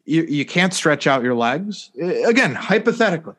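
A man's voice: a little high, very animated, normal speed, a bit bright. A man co-hosting a casual sports podcast, rambling through a sarcastic story full of fillers and mock-serious "hypothetically" asides. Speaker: podcast co-host.

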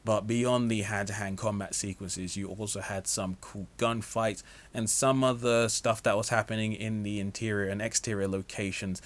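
A man with a somewhat low voice talks through a film review in a relaxed, chatty way. He is opinionated and easygoing, and he leans on casual fillers as he goes. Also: normal speed, hardly any pauses. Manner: chatty and opinionated, with frequent "like, you know" fillers. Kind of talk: casual movie review monologue.

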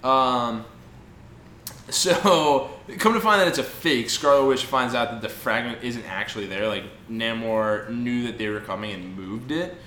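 A man's voice: medium pitch, a little slow, reverberant, a little hiss or hum. A man co-hosting a podcast, recapping comic books in casual chat and acting out the characters' lines with plenty of swearing. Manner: animated retelling with acted-out quotes, swearing. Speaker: podcast co-host.

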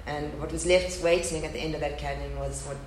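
A woman in her thirties speaks briskly in a low, slightly mellow voice with fairly even intonation, giving an earnest, candid account of loss. Her audience sits in an echoey hall at a faith gathering, where a faint hum lingers.

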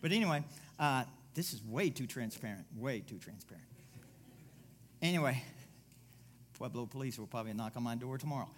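A man's voice: mid-range voice, expressive, fairly quick, long pauses, a little hiss or hum. A middle-aged man pastor preaching a sermon with a personal story, rambling and digressive, repeating himself for emphasis.

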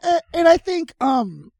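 A man's voice: very high-pitched, sing-song, slow, vocal fry, darkish tone, no room sound, studio quality. A man hosting a podcast, bantering with loose, profane jokes and laughter. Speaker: podcast host. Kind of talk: casual chat.

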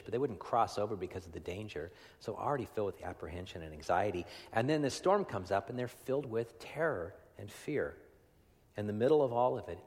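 A man preaching a sermon in a conversational way, often asking "right?" and swinging between loud emphasis and hushed, near-whispered lines. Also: on the low side. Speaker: pastor. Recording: long hall reverb.

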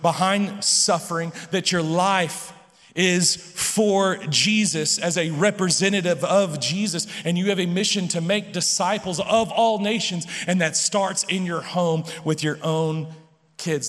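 Pastor preaching in a reverberant hall. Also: male voice, fairly high pitch, a bit bright. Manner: storytelling with frequent restarts and quoted dialogue. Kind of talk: sermon.

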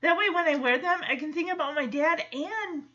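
A woman's voice: sits high, brisk, pushed and bright, muffled recording, voice pushed up. A woman reading out a young girl's lines in a plain, earnest voice while recapping a show. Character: grateful young girl.

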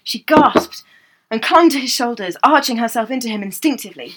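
Woman, comedy podcast host, theatrical romance reading, mocking asides, bright tone. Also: fairly high pitch, lively intonation, a little fast. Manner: reads the prose theatrically, breaking off to laugh and mock it.

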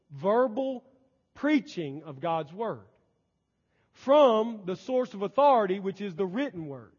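A male pastor preaching a sermon emphatically, his volume swinging between loud and soft. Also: high voice, husky. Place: church sanctuary. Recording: dull lo-fi church recording with long reverb.

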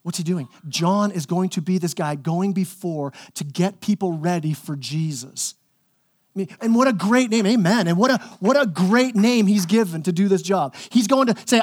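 High-voiced man preaching a sermon. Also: animated, a little slow. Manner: conversational and emphatic, repeats words when pressing a point. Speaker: pastor.

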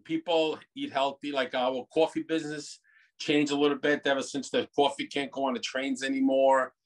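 A middle-aged man born in Italy, a bakery owner, talking in an animated, rambling way with many restarts on a video call. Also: mid-range voice, normal speed. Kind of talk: casual interview over a video call.

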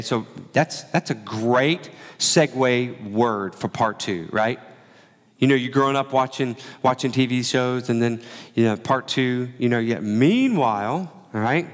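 A man preaching a sermon in a relaxed, conversational way, acting out the quoted lines as he tells the story. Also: mid-range voice, long reverb tail. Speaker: pastor.

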